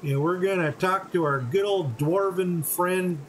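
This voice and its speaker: A man giving relaxed, step-by-step commentary on a game playthrough. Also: high voice, measured pace, a little hiss or hum, poor audio. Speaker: gaming channel host.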